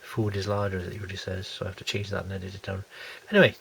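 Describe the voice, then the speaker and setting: Still nursing a lingering cold, this scale model kit reviewer talks very fast through a casual unboxing, stumbling over fillers and restarts. His low-pitched voice is flat in delivery, a bit bright, with vocal fry. There's a slight hiss or hum in the audio.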